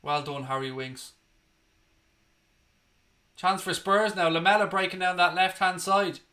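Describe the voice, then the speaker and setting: A man's voice: high voice, steady tone, measured pace, bright, forceful tone. Sweary Irish man calling a match live. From Ireland. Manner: blunt, sweary, bursts into outrage. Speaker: watchalong host. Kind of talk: live match commentary and chat.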